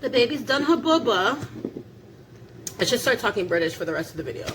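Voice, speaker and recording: A woman's voice: a little high, big pitch swings, a little fast, noisy background. Chatty young woman cooking at home. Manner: chatty, laughing, swears casually. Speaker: vlogger. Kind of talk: casual chat while cooking. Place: home kitchen.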